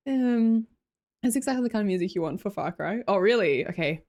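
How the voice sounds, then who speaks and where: A woman's voice: mid-range voice, animated, brisk, darkish tone. An Australian woman chatting casually and rambling with her live viewers from her home streaming room, laughing often. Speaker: livestreamer.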